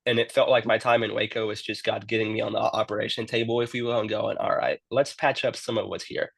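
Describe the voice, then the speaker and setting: Youth minister guest, earnest storyteller, gravelly mid voice. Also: male voice, lowish voice, flat delivery, fast, fairly bright tone, no echo. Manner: earnest, repeats words when starting sentences. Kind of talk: casual storytelling interview.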